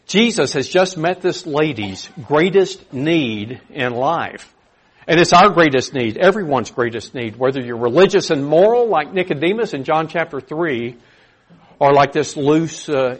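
A man preaching a sermon in an earnest, conversational way, with animated emphasis. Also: mid-range voice, breathy edge.

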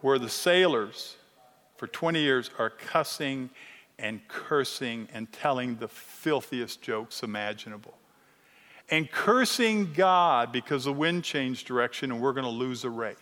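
A middle-aged man teaching a sermon-style lesson, animated and teasing, often checking in with the crowd. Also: medium pitch, unhurried. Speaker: Bible teacher. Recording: long reverb of a large hall.

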